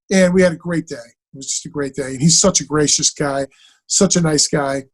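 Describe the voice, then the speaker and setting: Animated male actor telling stories. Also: a little high. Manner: animated, acts out quoted dialogue. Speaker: actor guest. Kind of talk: casual storytelling interview.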